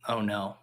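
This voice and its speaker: A man hosting a casual livestream, joking and reading chat aloud in a mock-earnest way. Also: sharp tone. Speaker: fantasy football streamer. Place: home basement.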